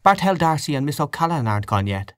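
A man reading a story aloud, voicing a lively young woman with an arch, teasing manner. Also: a little high, fast talker, clean tone, no echo, clean studio sound, voice pushed up.

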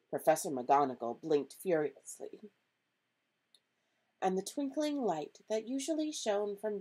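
A woman reading a children's storybook aloud as a storyteller, in a steady, expressive way. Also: fairly low pitch, breathy edge, low-quality recording.

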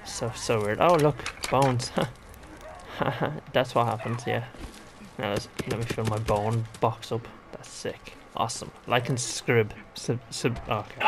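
A man's voice: mid-range voice, unhurried, a crowd in the background. Young man rambling over gameplay. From Ireland. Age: 20s. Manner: rambling, exclaiming, talks to himself. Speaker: gaming vlogger. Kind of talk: casual gameplay commentary.

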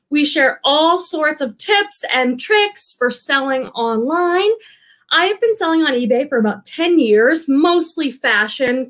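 A woman's voice: high voice, fairly bright tone. A woman hosting a live reselling stream in a bubbly, enthusiastic chat, a little out of breath. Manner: bubbly, enthusiastic, addresses viewers as friends. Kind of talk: chatty livestream hosting.

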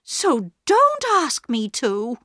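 A woman's voice: high-pitched, huge pitch swings, drawn-out words, fairly bright tone, no echo, studio quality, pitched above the performer's own voice, full character voice. Woman doing a firm, cheerful wife. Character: poor working man's firm, happy wife.

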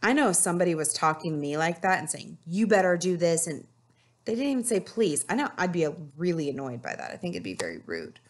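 A woman teacher reading a picture book aloud to children, slow and expressive, stopping to ask the class questions. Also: low voice. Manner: slow, expressive storytelling with asides to pupils.

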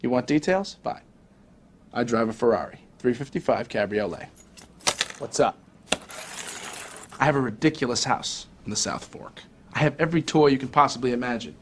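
A man plays a rich showoff who brags with swagger and loves to show off his wealth. His voice sits at an ordinary middle pitch for a man, and the clip is played from a film. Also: close to an everyday voice. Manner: swaggering, showy boasting. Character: boastful rich man bragging to young listeners.

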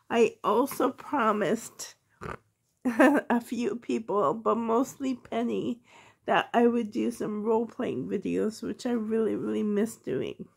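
A woman with a cold, sounding hoarse, chatting casually to her viewers in a vlog and laughing often. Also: on the high side. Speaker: reborn doll hobby vlogger.

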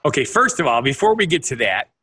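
Bright-voiced man explaining on a podcast. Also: mid-range voice, big pitch swings, quick pace, slightly rough. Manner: explanatory, searches for words. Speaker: podcast co-host. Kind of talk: casual chat, reading out facts.

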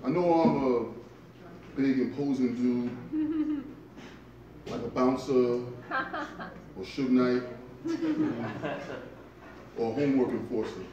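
Slow, lively-voiced stand-up comedian man. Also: mid-range voice, lo-fi sound, noisy background. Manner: deliberate, storytelling with punchy asides. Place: comedy club stage. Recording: echoey club from far off.

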